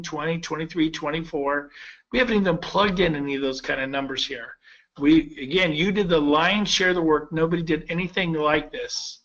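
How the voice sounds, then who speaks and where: A man in his fifties giving a persuasive sales pitch to real estate agents, telling stories with quoted dialogue. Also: a bit bright, highs cut off. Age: 50s.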